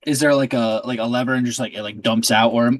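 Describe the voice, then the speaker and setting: A man player asks a question in halting bits with many fillers. His voice is medium in pitch. The sound is dry. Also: fairly even intonation, no echo. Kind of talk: casual game chat.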